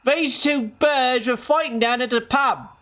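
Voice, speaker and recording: A man's voice: extremely high pitch, unhurried, pushed and bright, pitched above the performer's own voice, full character voice. A man putting on a British accent to play a chatty bloke telling a pub story in a hammy, playful way. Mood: jokey. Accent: put-on British.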